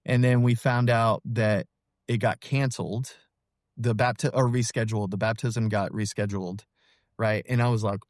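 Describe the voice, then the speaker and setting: Podcast guest, man, thirties, low voice, candid and halting, dry studio sound. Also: fairly even intonation, dry recording. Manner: earnest, halting, many fillers and restarts. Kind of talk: personal testimony in an interview.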